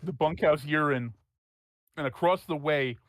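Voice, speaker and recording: A man narrating as game master of a tabletop game, laughing often and dropping into quick voices for the players' thoughts. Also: on the high side, fairly bright tone, no room sound.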